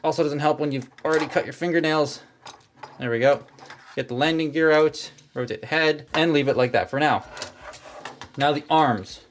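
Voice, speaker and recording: A man's voice: fairly high pitch, moderate pace, slight background noise. Casual man talking through a toy review. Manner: talks through each step while handling a toy, relaxed and chatty.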